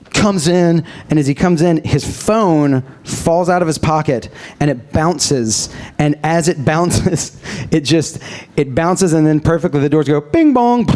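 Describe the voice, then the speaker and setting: A man with a slightly raised pitch spins a rambling comedic anecdote in front of a live audience. He keeps restarting phrases, then throws himself into loud, gasping impressions of the people in his story. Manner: animated, acts out bystanders' voices with shouts and gasps. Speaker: podcast co-host. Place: live show at a music venue.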